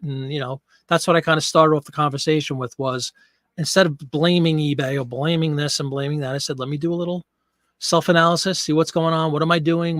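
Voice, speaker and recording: A slightly high-voiced man hosts a casual live stream and chats easily with his viewers. He sounds a little out of breath, and his voice comes through dry and close, with no room sound around it. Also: no echo. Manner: chatty, reads viewer comments. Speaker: livestream host.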